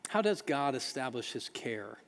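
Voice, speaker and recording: A man's voice: medium pitch, big pitch swings, normal speed, vocal fry, fairly bright tone. A man preaching a sermon as a pastor, earnest and emphatic, repeating phrases for weight. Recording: long hall reverb.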